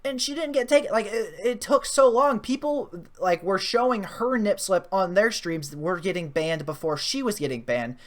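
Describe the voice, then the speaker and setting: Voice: medium pitch, lively intonation, moderate pace, hardly any pauses. A podcast co-host chatting casually and making emphatic points. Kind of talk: casual chat.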